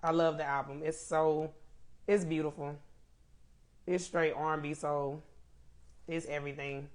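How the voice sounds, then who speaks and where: A woman's voice: deep voice, steady tone, unhurried, long pauses, darkish tone. Chatty woman hosting a live stream. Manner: chatty, greets viewers by name, laughs often. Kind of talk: casual live stream chat.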